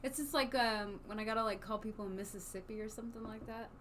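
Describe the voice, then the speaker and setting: A woman with a slight Southern accent co-hosting a casual live stream, relaxed and quick to laugh. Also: a little high, slight background noise. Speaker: co-host.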